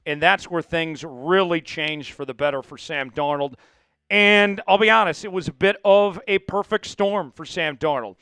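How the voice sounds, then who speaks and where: A man hosting a live sports show, hyped and talking straight to his viewers. His voice is bright and crisp, a little higher than most men's. It is recorded dry on a close mic, with faint music underneath. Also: dry recording. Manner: energetic, hyped delivery with frequent asides to viewers. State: voice cracking, coughing fits.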